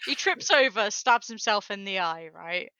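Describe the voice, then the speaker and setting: A woman's voice: medium pitch, animated, moderate pace, bright, forceful tone, smooth, no echo, poor audio. A woman co-hosting a geeky podcast, chatty and laughing as she retells stories. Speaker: podcast co-host. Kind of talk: casual chat.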